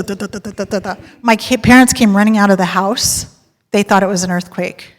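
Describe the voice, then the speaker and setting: Lively woman presenter in an echoing hall. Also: medium pitch. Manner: lively storyteller, polls the audience and laughs often. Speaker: sales director giving a talk. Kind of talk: live presentation to an audience. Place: large hall with audience. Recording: long hall reverb.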